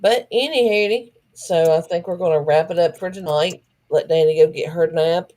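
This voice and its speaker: A woman's voice: fairly low pitch, normal speed, warm tone. A woman co-hosting a livestream, frank and joking. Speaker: co-host. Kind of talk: casual livestream chat.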